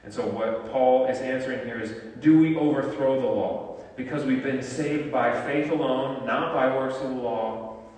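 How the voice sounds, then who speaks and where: A man's voice: medium pitch, normal speed, darkish tone, distant mic. Man preaching in an echoey church hall. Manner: teaching with rhetorical questions. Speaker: pastor. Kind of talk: sermon. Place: church sanctuary.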